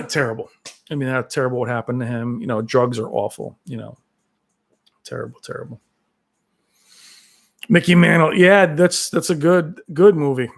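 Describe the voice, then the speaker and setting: A man's voice: medium pitch, normal speed, creaky, pauses often. A man hosting a casual live-stream chat, reading viewer comments and rambling on with many fillers and restarts. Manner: does brief movie-quote impressions. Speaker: tech channel host reading live chat.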